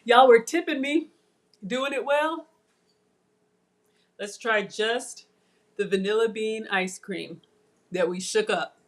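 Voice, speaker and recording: A woman's voice: fairly high pitch, slow, long pauses. Woman, live cooking vlogger, chatty and casual, says y'all a lot. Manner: chatty, addresses viewers as y'all, savoring food.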